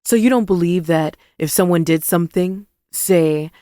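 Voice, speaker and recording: A woman's voice: fairly low pitch, normal speed, mellow, dry recording, studio quality, natural voice. A woman voicing a sly, teasing young man. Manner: sly and conspiratorial.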